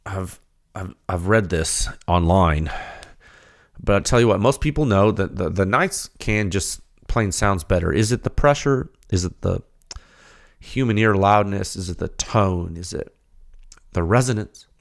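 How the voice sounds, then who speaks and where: A deep-voiced man hosting a technical podcast gets heated, ranting animatedly and throwing out rhetorical questions in quick succession. He later settles down to explain the data.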